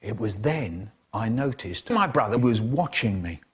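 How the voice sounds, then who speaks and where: Husky, lively storyteller man. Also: on the low side, unhurried. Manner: playful and theatrical, with sudden swings in voice. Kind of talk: animated storytelling, cut into spliced comedy clips.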